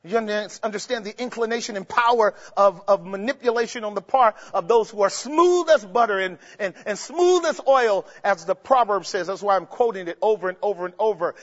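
A man preaching a sermon, emphatic, swinging between shouts and low murmurs and asking the congregation rhetorical questions. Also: fairly quick, few pauses. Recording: dull sound with long hall reverb.

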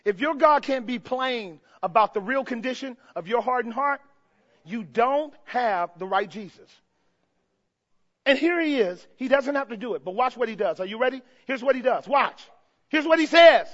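High-voiced, fervent male preacher. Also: expressive, moderate pace. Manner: fervent, swings from hushed to shouting; asks the congregation rhetorical questions. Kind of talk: sermon. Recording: dull lo-fi recording.

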